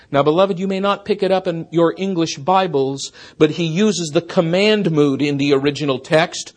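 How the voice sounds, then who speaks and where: A man preaching an expository sermon as a pastor, earnest, rising to emphatic peaks and then dropping soft. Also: high-pitched, moderate pace, few pauses.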